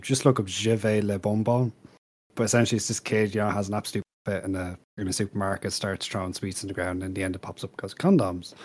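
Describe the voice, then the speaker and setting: Low-voiced man, wry panelist. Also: a little mellow. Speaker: podcast panelist. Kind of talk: casual panel chat.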